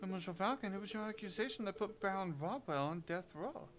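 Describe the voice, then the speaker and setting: A man voicing a haughty, scornful male prosecutor in a game, cutting and forceful. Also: high-pitched, lively intonation, a little fast, a little hiss or hum, pitched above the performer's own voice.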